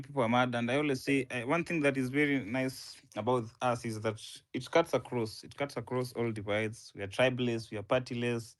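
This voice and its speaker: A man hosts an online discussion. He speaks in a relaxed way and hands the floor to the next speakers in turn. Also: medium pitch, a little fast, few pauses.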